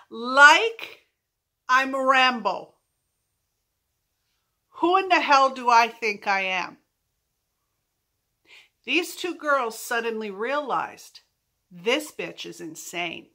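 A middle-aged woman telling a storytime vlog in an animated, self-mocking way. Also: fairly high pitch. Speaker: vlogger.

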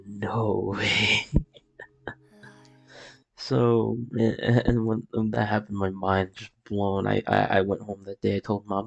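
A man's voice: fairly low pitch, gravelly, breathy edge. A young man casually telling a personal story, rambling with fillers and acting out quotes.

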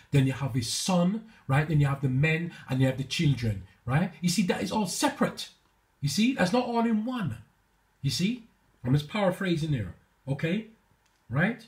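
A man's voice: fairly high pitch, darkish tone. A man teaching from scripture in response to a played clip, emphatic and constantly checking in with "right?" and "okay?". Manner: reads verses aloud slowly, then argues back. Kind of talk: preaching commentary on a played video.

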